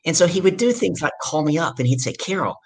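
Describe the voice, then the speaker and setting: Loud, gravelly-voiced Southern woman. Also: low voice, quick pace. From Deep South, US. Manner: loud, energetic. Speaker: guest, leadership coach. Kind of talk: storytelling in a podcast interview.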